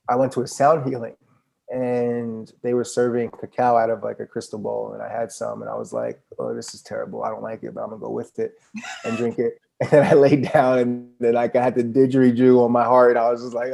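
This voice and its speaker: A young man talks with a dark, gravelly voice. He tells his stories in a relaxed and slangy way, the way a podcast guest chats with a host. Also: mid-range voice. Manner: laid-back, slangy storytelling. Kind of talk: casual conversation.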